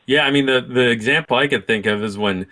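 A man hosting a faith talk show, speaking in a measured, thoughtful way. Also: medium pitch, sharp tone. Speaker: radio show host.

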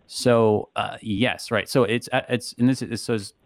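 A man's voice: fairly low pitch, fairly even intonation, moderate pace, gravelly, no room sound. A man hosting a Bible discussion radio show as a pastor, talking conversationally and often checking in with "right?". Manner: conversational, frequent "right?" tags. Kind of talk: casual theological discussion.

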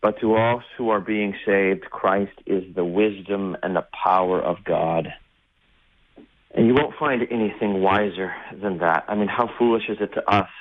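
A male Lutheran pastor preaches in an earnest, emphatic way, leaning hard on key words and slowing down to stress them. His voice sits at a middle pitch for a man. The audio is thin and tinny, like a phone line heard over the radio. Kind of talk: sermon-like teaching.

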